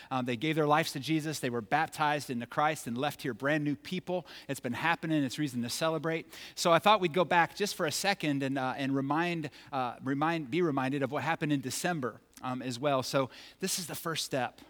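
A man's voice: on the high side, fairly bright tone. A man preaching a sermon as pastor, conversational and playful, acting out scenes from his childhood. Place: church sanctuary. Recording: long hall reverb.

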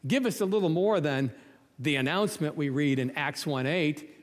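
A man's voice: a little high, moderate pace, big-room sound. A man preaching a sermon in a conversational, humorous way, full of rhetorical questions.

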